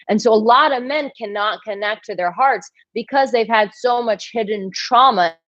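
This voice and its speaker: Frank, animated woman dating coach. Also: medium pitch, no echo, lo-fi sound. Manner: animated, frank, laughs often. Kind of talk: live Q&A reading viewer comments.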